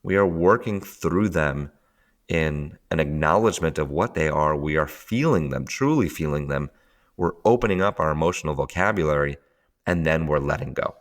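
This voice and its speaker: A man with a very low, deep voice talks in a relaxed, conversational way. He gets animated, laughs easily and slips into little voices as he tells stories. He sounds middle-aged. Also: moderate pace. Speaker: guest. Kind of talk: casual conversation.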